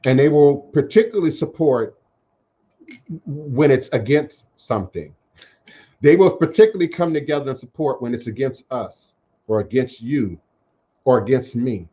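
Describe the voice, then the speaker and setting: A man hosting a call-in talk radio show, speaking in measured, emphatic, repeated phrases. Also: mid-range voice, animated, dark tone. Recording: dull lo-fi internet radio audio.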